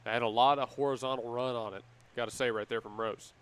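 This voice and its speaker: A man doing live play-by-play commentary for a baseball game with energetic, measured play-calling. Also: medium pitch, smooth. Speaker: play-by-play announcer.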